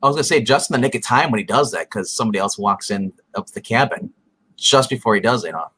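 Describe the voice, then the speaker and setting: A man co-hosting a casual review show, retelling scenes in an animated way and briefly doing the characters' voices. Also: fairly low pitch, fast talker, breathy edge. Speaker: podcast co-host.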